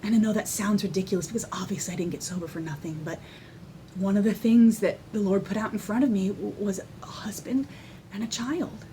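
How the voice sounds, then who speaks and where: A woman talking casually to the camera, excitable and candid, often laughing as she tells her story. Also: medium pitch, fast, slight background noise. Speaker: vlogger sharing her personal story.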